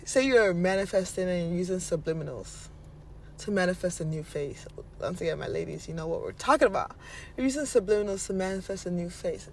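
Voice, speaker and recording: A woman's voice: mid-range voice, a little mellow, slight background noise. A woman giving casual motivational advice, playful and laughing often, slipping into mocking voices and casual swearing. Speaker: vlogger giving manifestation advice.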